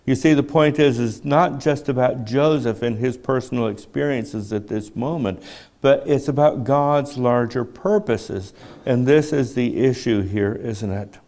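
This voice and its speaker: A man in his seventies preaching a sermon in a measured, reflective way, often asking his listeners rhetorical questions. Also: medium pitch, a little mellow. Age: 70s.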